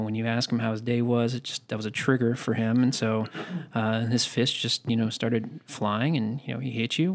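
A man's voice: medium pitch, creaky. A man co-hosting a podcast, chatting casually in a rambling, profane, joking way. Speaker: podcast co-host. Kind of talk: casual chat.

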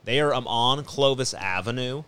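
A man co-hosting a podcast, chatting upbeat about his picks with many pauses and "um"s. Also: medium pitch, fairly bright tone, clear, resonant tone. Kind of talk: casual chat.

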